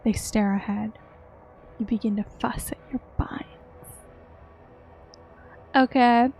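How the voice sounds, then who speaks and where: A woman's voice: fairly high pitch, steady tone, darkish tone, faint music behind. A young woman playing a horror game, reading its text aloud and reacting with yelps and laughter. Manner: reads game text slowly, then yelps and giggles in reaction. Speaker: let's-play streamer.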